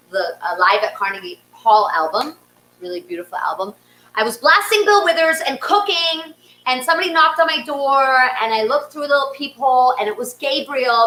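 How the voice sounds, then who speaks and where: A woman's voice: medium pitch, a bit bright. A woman hosting and telling a casual comic story from her small apartment, chatty and self-mocking with many ums. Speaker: host and storyteller. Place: small home apartment, closet studio. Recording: roomy echo, faint hum.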